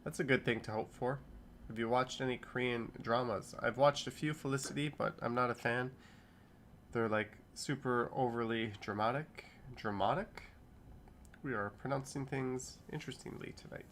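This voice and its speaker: A man's voice: medium pitch, fairly even intonation, normal speed, fairly bright tone, a little hiss or hum. A man in his thirties hosting a casual livestream, reading viewers' comments aloud and riffing on them. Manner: chatty, reads chat comments aloud and riffs on them. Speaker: streamer reading live chat.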